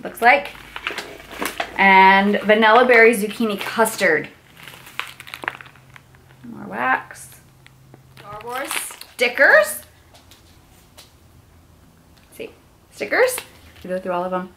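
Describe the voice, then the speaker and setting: A woman's voice: medium pitch, big pitch swings, slow, gravelly, pauses often, a bit bright, slight background noise. A young woman vlogger unboxing gifts, gushing with squealing exclamations. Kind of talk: unboxing vlog.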